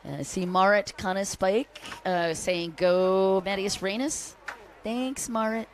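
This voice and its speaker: A woman's voice: medium pitch, slow pace, slight background noise. A woman announcing a jet ski race live, chatty and upbeat, joking with the crowd. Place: outdoor race venue by the water.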